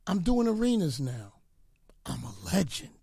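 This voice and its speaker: A man's voice: sits high, big pitch swings, unhurried, gravelly, dark tone, husky, dry recording, clean studio sound. A middle-aged man delivering a boastful, taunting rant aimed at rivals, mock-pleading with them to leave him alone. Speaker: radio DJ. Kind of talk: ranting commentary.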